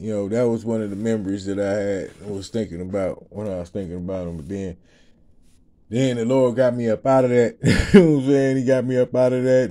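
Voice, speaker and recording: A man speaks casually to a crowd of listeners, telling a personal testimony. His voice is mellow and relaxed, and he breaks into laughter often. He rambles in slang and keeps asking "you know what I'm saying". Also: lowish voice. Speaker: ministry speaker.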